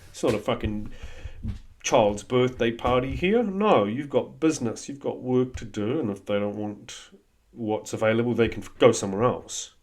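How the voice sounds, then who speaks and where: A man's voice: mid-range voice, normal speed. A man giving a blunt, coaching-style talk that is peppered with swearing. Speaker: host. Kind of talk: motivational monologue.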